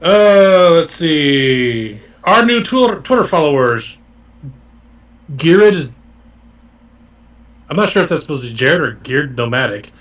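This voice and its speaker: A male podcast co-host with a slightly high voice and an unhurried pace. He jokes with the others and trips over names as he reads a list. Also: expressive, a bit bright. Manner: joking, stumbles over names. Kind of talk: casual podcast chat.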